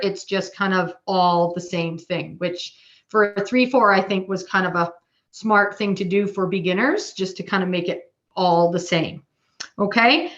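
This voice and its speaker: A woman's voice: mid-range voice, pushed and bright. Woman, Canadian accent, drumming instructor, casual chatty teaching, counts beats aloud, dull lo-fi sound. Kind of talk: online workshop teaching.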